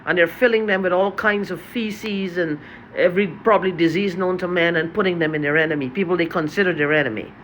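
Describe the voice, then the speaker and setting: Agitated, tired high-voiced man ranting. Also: fairly quick, a bit bright, slight background noise. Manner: agitated, profane, repeats and restarts phrases. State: tired from lack of sleep. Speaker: vlogger. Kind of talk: unscripted vlog monologue.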